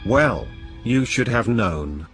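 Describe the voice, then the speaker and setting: A man's voice: lowish voice, animated, slow, fairly bright tone, faint music behind, heavily acted. A man voicing a wicked, cackling female trickster spirit who mocks her victim. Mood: mocking. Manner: mocking, taunting.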